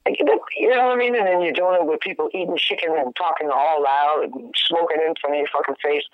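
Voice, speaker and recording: Guest musician, male, high voice, animated storyteller, tinny phone-like sound. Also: quick pace, no room sound. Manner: animated, laughing, slangy and profane. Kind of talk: casual storytelling chat.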